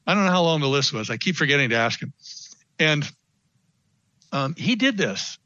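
A man's voice: a little high, moderate pace, pauses often, no room sound, highs cut off. A man, a business consultant, speaking as a guest in a radio interview, telling stories and acting out what people said. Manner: animated storytelling, acts out quotes.

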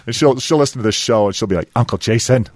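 A man's voice: mid-range voice, animated, very fast, darkish tone. A man in his fifties co-hosting a show, chatting casually, rambling with lots of fillers and laughing often. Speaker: podcast co-host. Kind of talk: casual chat.

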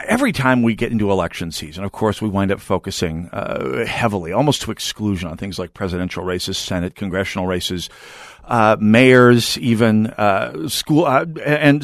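A man's voice: on the low side, no room sound. A middle-aged man hosting a radio talk show in a studio, chatty and joking, with many filler words.

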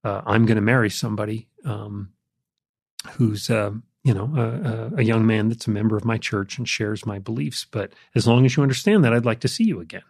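An older man, an interview guest, telling a personal story in a relaxed, reflective way, with frequent fillers. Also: fairly low pitch, brisk, vocal fry, husky, no room sound, studio quality. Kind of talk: conversational storytelling.

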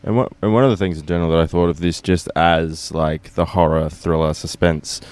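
A man's voice: low voice, steady tone, brisk, darkish tone. A man co-hosting a podcast, rambling casually about horror films with lots of fillers. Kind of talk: casual film discussion.

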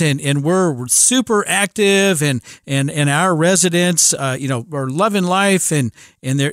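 Chatty middle-aged radio host. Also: male voice, a little high, no echo, studio quality. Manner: chatty, many restarts and fillers. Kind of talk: casual radio talk. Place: radio studio.

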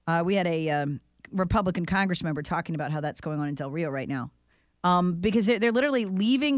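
A woman's voice: mid-range voice, no echo, studio quality. Indignant woman talk show host. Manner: indignant, sarcastic. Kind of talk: opinionated talk radio chat.

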